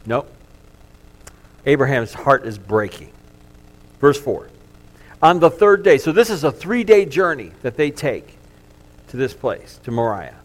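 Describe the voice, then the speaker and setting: A middle-aged male pastor preaching a sermon, telling the story earnestly and dropping from loud passages to hushed ones. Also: medium pitch, very animated, measured pace.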